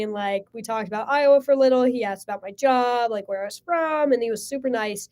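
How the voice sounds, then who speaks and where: A woman in her twenties, a sports media guest, telling stories in casual podcast chat with lots of "like" and excited bursts. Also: fairly high pitch, brisk, few pauses. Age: 20s. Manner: excited, heavy use of "like", lively storytelling.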